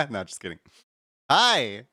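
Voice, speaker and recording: A man's voice: on the high side, sharp tone, no echo, clean studio sound. A man hosting a live stream in casual chat, often stumbling over repeated words and laughing between thoughts.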